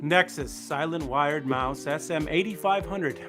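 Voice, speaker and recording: A man with a fairly high voice reads reviews aloud in a dry, deadpan way, like a co-host on a casual live chat show. Faint music runs underneath. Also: a little slow. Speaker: podcast co-host.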